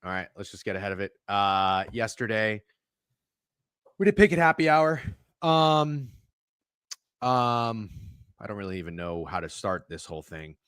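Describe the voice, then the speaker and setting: A man's voice: on the low side, big pitch swings, moderate pace, pauses often, fairly bright tone, clear, resonant tone, dry recording, clean studio sound. A man hosting a sports betting podcast, talking in casual, profane, defensive banter. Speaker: podcast host.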